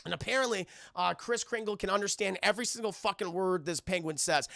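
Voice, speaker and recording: A young man recapping a film for his live chat, profane and excitable, constantly addressing the chat. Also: sits high, fast talker, creaky, dry recording, studio quality. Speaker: streamer reviewing a film. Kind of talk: casual livestream commentary.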